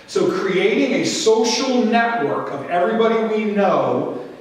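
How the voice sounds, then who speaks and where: A man's voice: high-pitched, a little slow. Middle-aged man speaking in an echoing hall. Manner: storytelling, animated, acts out quoted voices. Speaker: conference speaker. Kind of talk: church conference talk with anecdotes. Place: large hall. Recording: echoey hall, distant mic.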